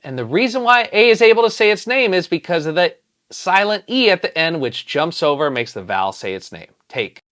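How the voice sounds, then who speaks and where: A teacher giving a phonics lesson, sounding out each letter slowly and patiently. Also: medium pitch, sing-song, a bit bright.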